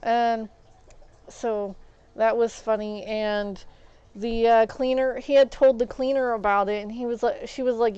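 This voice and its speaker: A woman tells rambling stories while gaming on a stream, animatedly acting out what other people said. Her voice is a little high and unhurried, with a clean tone, no echo, and dull audio.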